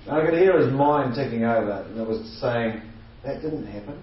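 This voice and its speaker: A man tells a funny anecdote with a lively delivery, slipping into other people's voices and chuckling along the way. He sounds set back from the mic in a very echoey space, and the sound is a little dull. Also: medium pitch, brisk, far from the mic, slight background noise. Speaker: guest storyteller. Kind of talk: comedic anecdote.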